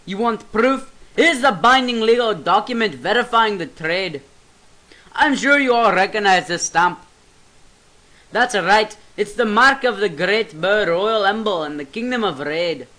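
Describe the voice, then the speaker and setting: A man's voice: sits high, animated, unhurried, sharp tone, exaggerated voice, low-quality recording. A man voicing a stern male statesman in a video game, putting on a Scottish accent and speaking in a declamatory way. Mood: accusing. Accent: put-on Scottish.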